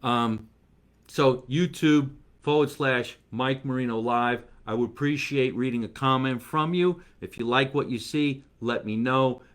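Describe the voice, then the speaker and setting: Chatty comedian man live-streaming. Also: mid-range voice. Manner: chatty and rambling, reads viewer comments aloud. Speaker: comedian and show host. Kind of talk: casual live-stream chat with viewers.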